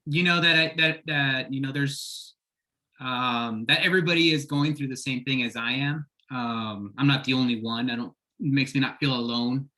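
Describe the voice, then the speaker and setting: Hesitant man with a bright voice. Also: medium pitch, normal speed, poor audio. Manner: hesitant, many fillers. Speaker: client. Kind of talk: counseling session role-play.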